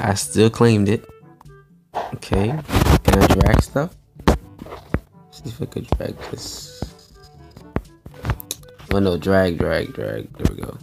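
A man's voice: lowish voice, gravelly. A man hosting a gaming channel, giving casual, chatty commentary while he plays and often laughing and talking to his viewers.

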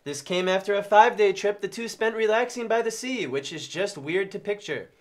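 A man's voice: high-pitched, fairly quick. Young guy deadpanning rude fake news, a bit of hiss behind. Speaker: comedy news co-anchor. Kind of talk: parody news reading.

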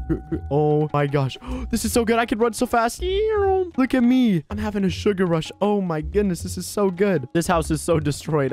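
A high-pitched man voicing excitable let's play commentary. He narrates each of his moves in the first person and keeps breaking into exclamations. His delivery is quick to react and animated. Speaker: gaming video creator.

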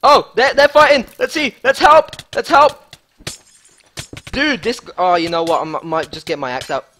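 A man giving excitable live gameplay commentary as a gaming YouTuber, hyped and repeating himself. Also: very high-pitched, moderate pace.

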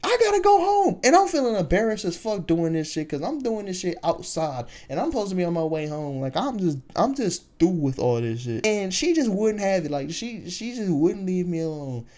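A man's voice: sits high, lively intonation, normal speed, hardly any pauses, dark tone. A young man telling a casual storytime, swearing freely and rambling with lots of fillers. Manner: profane, rambling with many fillers.

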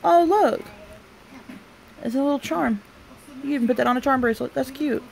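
A young woman hosting a casual live unboxing stream, chatty and excitable, often breaking off with delighted exclamations and asides to her family. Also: high-pitched, fairly quick, vocal fry, a little hiss or hum. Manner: breaks off to talk to family off camera.

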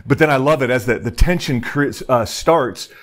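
A man's voice: mid-range voice, moderate pace. A male pastor giving a casual, joking sermon to his congregation, full of filler words and restarts. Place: church service broadcast.

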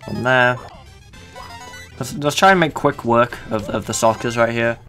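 A man's voice: mid-range voice, measured pace, pushed and bright, soft background music. A man streaming a video game, making casual commentary full of joking, self-mocking asides.

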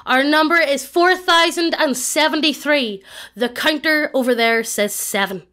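A synthetic woman's voice reading the lines of a soft-hearted, sarcastic cleric. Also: high voice, unhurried, voice pushed up.

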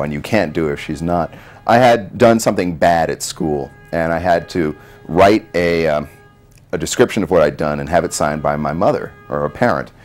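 A man's voice: low-pitched, darkish tone. A middle-aged man in an interview, telling stories about his mother in a rambling, hesitant way. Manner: rambling, hesitant, with many ums. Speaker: son of an actress, interviewee. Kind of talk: casual storytelling interview.

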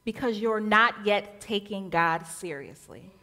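Exasperated, commanding teacher, voiced by a woman, bright and animated. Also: medium pitch, a little slow. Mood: stern. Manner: scolding, slangy, commanding. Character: exasperated Jesus scolding his disciples.

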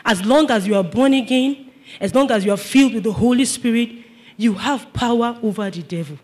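High husky pastor preaching. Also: male voice, fairly quick. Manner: emphatic, repetitive, calls for response. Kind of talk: sermon.

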